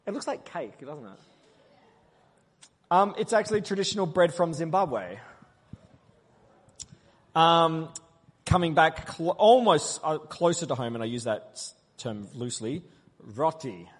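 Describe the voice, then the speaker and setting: Male preacher, slightly high husky voice, lively crowd quizzer, in a reverberant church hall. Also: measured pace, pauses often. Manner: playful, quizzing the crowd, loud call-and-response. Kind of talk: interactive sermon with the congregation.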